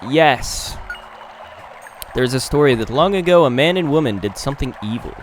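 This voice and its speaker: A man's voice: mid-range voice, expressive, normal speed, close to an everyday voice. A man voicing an elderly village historian telling a legend, over game music. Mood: storytelling. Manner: storytelling.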